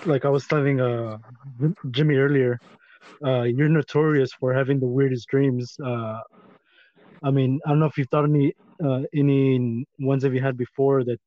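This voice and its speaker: A man's voice: mid-range voice, steady tone, normal speed, no echo. A man hosting a casual podcast chat, prompting his guests in a hesitant way full of fillers. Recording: dry, tinny phone-like line.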